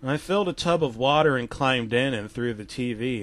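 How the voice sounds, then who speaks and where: Male narrator for a comedic horror story, deadpan and low-key, mid-pitched, prone to sudden loud outbursts. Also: moderate pace.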